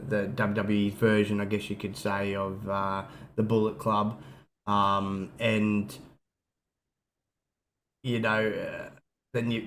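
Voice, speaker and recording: A man's voice: lowish voice, a little hiss or hum, rough recording. A man co-hosting a wrestling podcast, talking casually with lots of fillers and restarts. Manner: rambling, frequent fillers and restarts. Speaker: podcast co-host.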